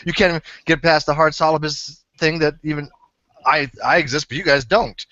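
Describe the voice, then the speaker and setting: A man's voice: fairly high pitch, fairly even intonation, moderate pace, pushed and bright, no room sound. A man in a casual online debate, rambling and correcting himself as he talks between bites of food. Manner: rambling, self-correcting, chewing while talking. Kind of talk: casual group debate on a video call. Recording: dull lo-fi call audio.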